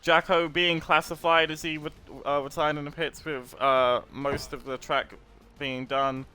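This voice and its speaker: A man hosting a live racing broadcast, brisk and practical as he runs through penalties and results. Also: a little high, level tone, bright, forceful tone. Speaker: race broadcast host. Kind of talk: live race commentary.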